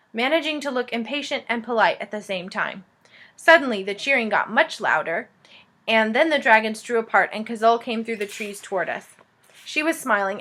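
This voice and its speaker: A woman reading a children's fantasy book aloud in a lively, expressive way. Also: fairly high pitch. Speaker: reader. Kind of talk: storybook read-aloud narration.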